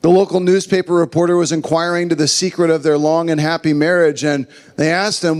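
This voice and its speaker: A man's voice: a little high, little pitch movement, a little fast, few pauses, darkish tone, long reverb tail. A man preaching a sermon as the pastor of his church, earnest and conversational, telling a joke along the way. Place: church building.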